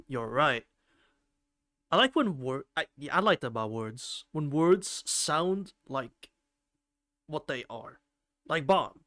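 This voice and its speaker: Guy streamer rambling about random stuff, kinda high bright voice, dry close mic, swears a lot. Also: expressive, moderate pace, no room sound. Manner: playful, rambling, swears casually. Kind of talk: casual chat while playing a game.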